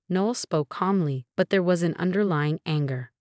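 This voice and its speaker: A woman giving scripted narration of a personal story in an even, steady manner. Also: fairly low pitch, normal speed, few pauses, dry recording, clean studio sound.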